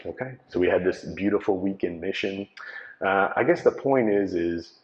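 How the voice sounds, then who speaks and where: A man's voice: sits low, moderate pace, a little mellow. A man, giving a personal testimony to a live audience in a conversational storytelling way and acting out the dialogue. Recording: dull lo-fi recording.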